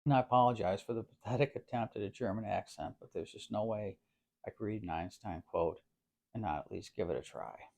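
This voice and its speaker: A man giving a scripted philosophical narration in a measured, formal way, with long winding sentences. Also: on the low side, creaky, a little mellow.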